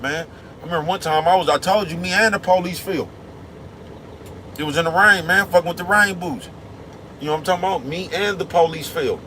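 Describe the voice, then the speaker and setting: A man talks to his viewers from the cab of a big truck in a slangy, rambling way, preaching his views as he drives. His voice sits a little high for a man. Faint traffic hums behind him on a phone mic. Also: fairly bright tone. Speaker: vlogger driving a truck. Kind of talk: casual rambling monologue. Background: faint traffic noise.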